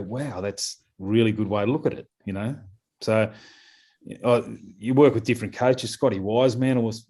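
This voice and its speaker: Rambling Australian man, low voice. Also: darkish tone. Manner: rambling, repeats words, many fillers. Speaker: guest, scrum coach. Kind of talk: casual podcast interview.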